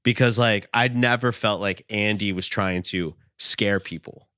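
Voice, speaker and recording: A young man hosts a podcast in a very low voice, talking casually and rambling with plenty of fillers and the odd curse word. The sound is close and dry, with no room to it. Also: steady tone, measured pace, pushed and bright, clear, resonant tone, dry recording. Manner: rambling, lots of "like" and "you know", casual swearing. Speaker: podcast host.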